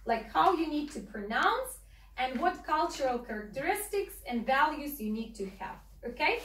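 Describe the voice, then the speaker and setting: Speaking at a normal speed, a woman with a high, fairly bright voice and big pitch swings leads a class. She comes from Ukraine, speaks Russian natively, has a Ukrainian accent, and leans on fillers and frequent "okay?" checks. The mic picks her up from a distance in an echoey room.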